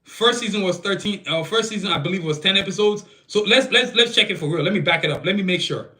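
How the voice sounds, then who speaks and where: Guy hosting his own podcast on his phone, high bright voice, slangy and fired up. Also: fast. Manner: animated, slangy, opinionated rants. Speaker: podcast host. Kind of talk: casual solo podcast talk. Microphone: phone camera.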